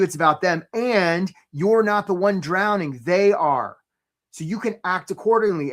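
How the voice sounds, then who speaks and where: Energetic man coaching job seekers. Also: a little high. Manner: energetic, conversational, keeps asking "right?"; greets attendees by name mid-talk. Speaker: career coach hosting a webinar. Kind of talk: live webinar teaching.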